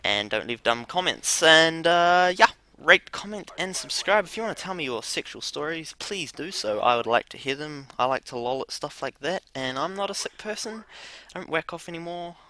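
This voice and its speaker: A man's voice: fairly high pitch, lively intonation, normal speed, hardly any pauses, pushed and bright. A man telling a crude, rambling story with laughs while commentating over gameplay.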